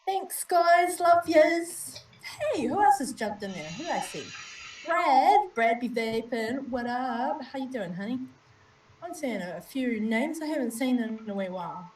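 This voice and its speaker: Recorded from a distance in a roomy space, with faint ambience and a little hiss or hum, a woman with a high, animated voice speaks at a measured pace. She co-hosts a live stream in a New Zealand accent, chatting casually and greeting viewers by name.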